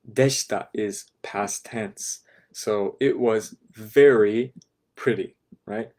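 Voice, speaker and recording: Patient low-voiced male teacher. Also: slow pace, darkish tone. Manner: patient, breaks phrases down step by step, often asks "right?". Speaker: language teacher. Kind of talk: explaining a lesson to a class.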